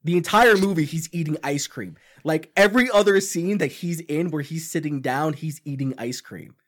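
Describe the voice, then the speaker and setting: Young new dude on a podcast, swears a lot, does little voices for quotes, super animated. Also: male voice, a little high, moderate pace. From Long Island, New York. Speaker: podcast co-host. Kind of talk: casual chat.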